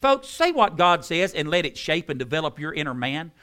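A man preaching a sermon, repeating key phrases with emphasis and dropping into soft tones. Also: fairly high pitch, sing-song, brisk, smooth. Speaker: pastor.

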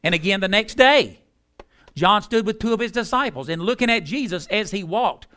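A man preaching a sermon in a high, bright voice that swings widely up and down. He talks in an emphatic, folksy way and slows down to lean hard on key words. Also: expressive.

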